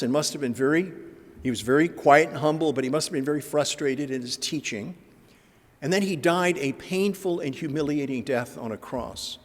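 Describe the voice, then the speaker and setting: Man preaching in a reverberant church. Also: fairly high pitch. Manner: conversational, with filler words and acted-out gospel dialogue. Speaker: guest speaker. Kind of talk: Lenten talk to a parish.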